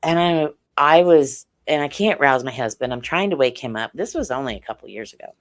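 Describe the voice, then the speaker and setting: A woman's voice: extremely low pitch, lively intonation, a little fast. Earnest woman guest, middle-aged. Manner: earnest, recounts experiences in detail. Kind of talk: interview on a podcast.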